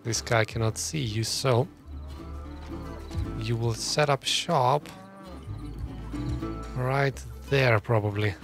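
A man casually commentating a stealth game as he plays, thinking his plans out loud. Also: medium pitch, takes it slowly, long pauses, over music. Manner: thinking aloud, muttering plans to himself. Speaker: gameplay commentator. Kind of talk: casual let's-play commentary.

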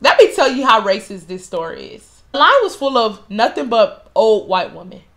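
A young woman vlogger telling a work story in a casual, animated and profane storytime monologue, often getting loud for emphasis. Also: a little high, moderate pace.

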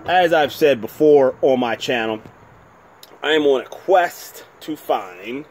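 A man's voice: a little high, a little hiss or hum. A man from New Jersey, hosting his own whisky review channel, talking in a chatty, rambling, self-deprecating way. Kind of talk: casual home video review.

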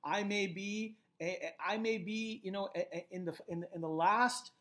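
A man's voice: sits high, normal speed, fairly bright tone. A man giving a recorded literature lecture, explaining poetic rhythm step by step and often checking in with "right?". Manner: explanatory, repeats key phrases, frequent "right?"; rhythmic chanting of stress patterns.

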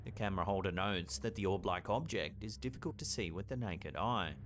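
A man reading scripted documentary-style narration in a measured, suspenseful way. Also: low-pitched, slight background noise.

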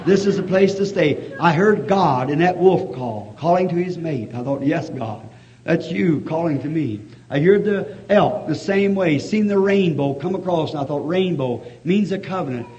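Fervent high-voiced old-tape preacher. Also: male voice, normal speed. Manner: excitable, swings from hushed storytelling to shouting praise. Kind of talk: fervent revival sermon with storytelling. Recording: dull lo-fi archival tape.

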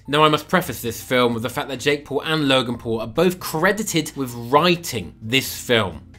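A man's voice: medium pitch, lively intonation, moderate pace, fairly bright tone, faint music behind. A young man giving a sarcastic, swearing comedic review of a film, full of playful asides. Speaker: movie reviewer. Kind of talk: comedic movie review commentary.

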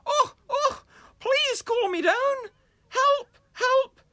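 A shrill little kettle badger. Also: male voice, lively intonation, extremely slow, sharp tone, dry recording, studio quality, heavily acted. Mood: frantic. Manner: shrill, squealing cries. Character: small panicky magic tea kettle badger. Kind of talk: storybook reading.

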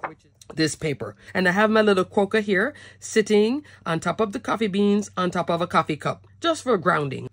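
A woman's voice: fairly low pitch, dry recording. A woman showing her handmade cards in a chatty, enthusiastic craft tutorial, often checking in with "okay?". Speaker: cardmaking demonstrator.

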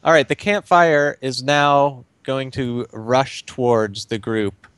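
Bright, crisp-voiced man player. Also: medium pitch, fairly even intonation, takes it slowly, dry recording. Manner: hesitant, filler-heavy "uh, um". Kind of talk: casual chat while playing.

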